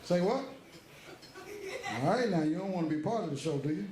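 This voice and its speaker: On a theater stage, an actor does a live stand-up impression of a veteran male comic who ribs the audience before growing reflective. His voice sits high, with lively intonation and a brisk pace, and the mood is joking. The recording sounds far off in a very echoey hall.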